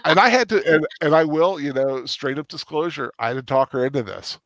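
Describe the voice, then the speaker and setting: A man's voice: fairly high pitch, a bit bright, no echo. Rambling male movie-night host. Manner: rambling, halting with many restarts and fillers. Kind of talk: casual post-movie chat.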